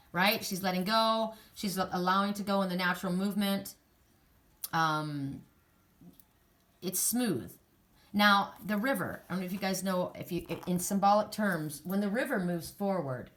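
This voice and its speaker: A woman's voice: on the low side, a bit bright. Chatty older woman reading oracle cards. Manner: chatty, rambling with many restarts and laughs. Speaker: oracle card reader. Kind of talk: casual spiritual card reading.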